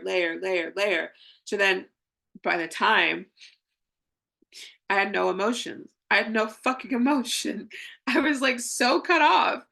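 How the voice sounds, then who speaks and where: A woman's voice: medium pitch, vocal fry, bright, forceful tone. A young adult woman, a spiritual coach, chatting casually and acting out inner voices with frequent laughs. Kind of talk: casual spiritual teaching talk.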